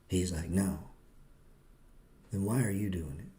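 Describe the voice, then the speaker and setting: A trading educator and show host runs a live-streamed class, his voice low-pitched and dark, his pace measured. He lectures bluntly and sarcastically, cursing without restraint.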